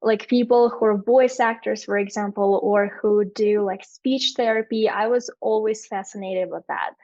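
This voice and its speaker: A woman's voice: medium pitch, steady tone, moderate pace, darkish tone, no echo, highs cut off. A young Russian woman, an English teacher, chatting in an interview over a video call, speaking English with an American-leaning accent, laughing often and using many fillers. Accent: American-leaning English learned as a second language. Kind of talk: casual interview chat.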